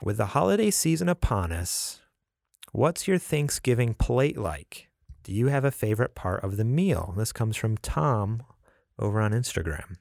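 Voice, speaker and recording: A man's voice: on the low side, sing-song, normal speed, creaky, darkish tone, no echo, studio quality. A man from New York hosting a podcast, chatting casually in a teasing way and laughing often. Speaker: podcast host. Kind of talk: casual chat.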